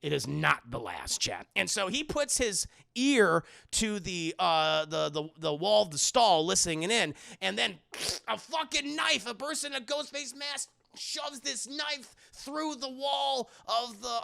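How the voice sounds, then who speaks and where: A young man streaming a crude, animated scene-by-scene film recap to his live chat, swearing and acting out lines. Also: high-pitched, normal speed, vocal fry, hardly any pauses.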